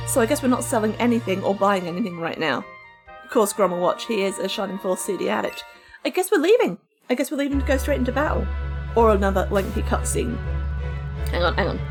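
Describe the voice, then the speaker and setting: A woman's voice: mid-range voice, brisk, faint music behind. A woman streaming a game live, chatting casually and answering her viewers. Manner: chatty, animated, reads and answers chat.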